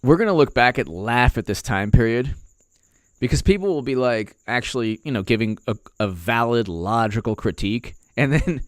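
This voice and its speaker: A man's voice: mid-range voice, expressive, moderate pace, no echo, studio quality. A man hosting a political commentary vlog, ranting sarcastically and repeating himself in disbelief. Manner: sarcastic, repetitive, incredulous. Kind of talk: casual political rant.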